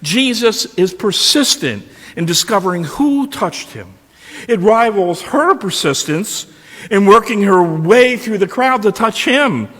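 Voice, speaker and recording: A man delivers a sermon in an unhurried, storytelling way and stops often to ask his listeners questions. His voice sits high and moves through a wide, animated range. A long reverb trails after his words. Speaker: preacher. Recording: long reverb of a large hall.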